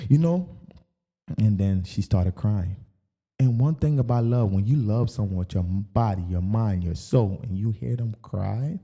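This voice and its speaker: A man's voice: lowish voice, mellow. A young man hosting a podcast, candidly telling a painful personal story with many casual fillers. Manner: candid, emotional retelling with many "you know" fillers. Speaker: podcast host.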